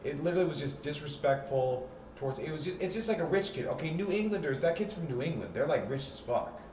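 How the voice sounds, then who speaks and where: A man's voice: fairly high pitch, expressive, fast talker, darkish tone, echoey room, recorded from a distance, slight background noise, rough recording. A man hosting his own vlog, ranting in a rambling, swearing, fired-up monologue. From South Florida. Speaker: vlog host.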